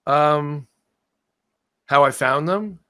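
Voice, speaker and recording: A man's voice: a little high, extremely slow, bright, forceful tone. A man telling a long story in a casual interview, often trailing off and starting his sentences over. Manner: rambling, trailing off and restarting. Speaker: guest musician.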